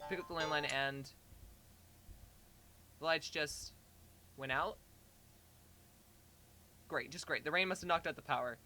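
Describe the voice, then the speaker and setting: A streamer with a slightly strained throat, reading a second-person story aloud and breaking off to baby-talk a pet cat. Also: medium pitch. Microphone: headphones and desk mic.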